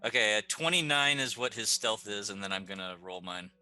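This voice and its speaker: A man's voice: on the low side, expressive, fairly quick, sharp tone, clean tone, faint music behind. A man playing a tabletop game, asking about the rules hesitantly with many fillers. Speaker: player. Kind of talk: casual tabletop play.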